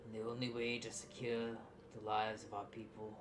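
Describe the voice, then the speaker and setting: A man voicing a stern, gruff aging lord, a father who speaks in curt commands. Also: fairly low pitch, monotone, moderate pace, roomy sound, background noise, natural voice. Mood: solemn.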